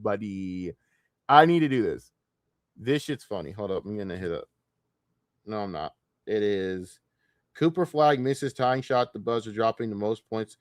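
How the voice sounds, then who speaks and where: A man's voice: on the low side, lively intonation, normal speed, dry recording, studio quality. A man streaming alone, rambling in casual talk with a lot of swearing, trailing off and laughing to himself. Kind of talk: casual solo livestream rant.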